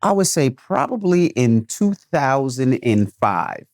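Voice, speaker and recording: A man co-hosting a podcast, telling a long story in a casual, profane, animated way. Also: mid-range voice, slow, dry recording. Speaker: podcast co-host.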